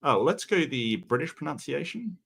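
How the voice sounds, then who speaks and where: An Australian man hosting a casual livestream commentary, easygoing and halting, often stammering and repeating words. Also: a little high, sing-song, gravelly, a bit bright. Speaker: commentary host.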